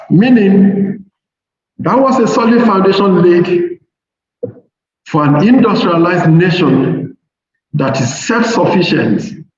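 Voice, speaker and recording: A middle-aged man with a Nigerian English accent, giving a measured, deliberate academic lecture from slides. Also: fairly high pitch, a little mellow. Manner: measured, deliberate, slows to stress key points. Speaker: professor giving a seminar lecture. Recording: very echoey hall, dull lo-fi sound, faint noise.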